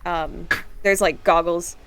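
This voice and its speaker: A woman's voice: on the low side, steady tone, takes it slowly, a bit bright, clear, resonant tone. A woman narrating a tabletop game as game master, describing scenes in a rambling way full of fillers.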